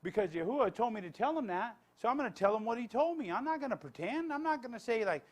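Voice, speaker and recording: A man's voice: very high voice, lively intonation, fast, few pauses. A man, a pastor, giving a blunt, conversational sermon with many restarts and asides.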